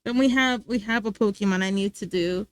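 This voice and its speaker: A woman's voice: medium pitch, fairly quick, no echo. A woman streamer chatting casually and playfully with her live chat, laughing often.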